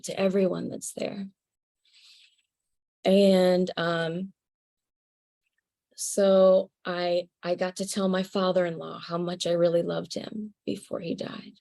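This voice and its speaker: A woman telling a personal spiritual story to an audience, earnest and halting, with fillers and soft laughs. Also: lowish voice, little pitch movement, vocal fry.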